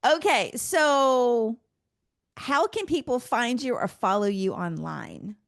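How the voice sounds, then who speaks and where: A woman's voice: fairly high pitch, animated, slow pace, gravelly, dry recording, clean studio sound. A woman hosting a podcast, asking interview questions in an upbeat way and laughing often. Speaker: podcast host. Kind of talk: casual interview.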